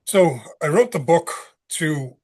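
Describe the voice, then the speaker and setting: A podcast guest, this American author and veteran in his sixties brings his story to life by performing the dialogue as he tells it. His voice is a little high and he takes his time.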